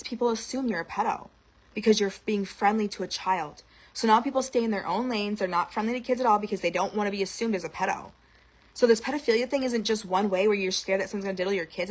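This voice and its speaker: A young woman ranting in an outspoken, animated monologue to camera. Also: a little high. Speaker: vlogger.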